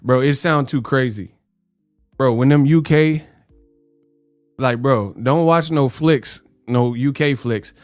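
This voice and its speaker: A man hosts a live boxing chat, talking in loose slang with plenty of jokes. His voice sits at a middle pitch and is recorded close and dry. Faint music plays quietly underneath. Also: slow pace, long pauses, no room sound. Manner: joking, slangy, puts on mock British voices. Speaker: host. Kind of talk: casual livestream chat.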